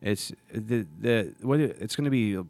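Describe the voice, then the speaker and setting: A man's voice: lowish voice, normal speed, gravelly, a little mellow, no room sound. A man hosting a podcast in casual chat, rambling and restarting his sentences often. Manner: rambling, self-interrupting, many restarts. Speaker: podcast host.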